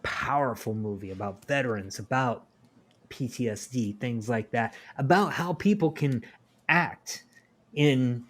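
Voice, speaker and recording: A man co-hosting a podcast, talking earnestly and at length, voice sinking quietly at the ends of thoughts. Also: medium pitch, measured pace. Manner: earnest, preachy, trails off quietly. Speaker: podcast co-host. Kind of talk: casual podcast discussion.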